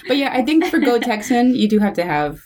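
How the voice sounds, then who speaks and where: Giggly storytelling woman, high voice. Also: very animated, fairly quick, a little mellow. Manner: chatty storyteller who drifts into tangents, laughing as she talks. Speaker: podcast co-host. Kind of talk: casual chat. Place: small podcast studio.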